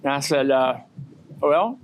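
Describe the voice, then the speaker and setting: A man's voice: medium pitch, moderate pace, slight background noise. A man hosting a podcast, telling stories in a casual chat and acting out the voices of people he quotes. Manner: animated storyteller who acts out quoted voices. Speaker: podcast host.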